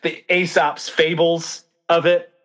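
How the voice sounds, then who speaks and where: A man's voice: fairly high pitch, little pitch movement, slow pace, a bit bright. A man co-hosting a casual book discussion, talking thoughtfully, hunting for the right word and often checking in with "right?". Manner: thoughtful, searching for words, frequent "right?" checks.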